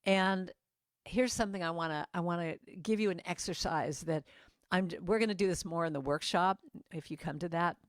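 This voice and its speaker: Give me a warm-hearted, chatty woman giving an inspirational talk over a video call, dry and close. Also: lowish voice, normal speed, no echo. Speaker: guest speaker and musician. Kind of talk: inspirational morning message.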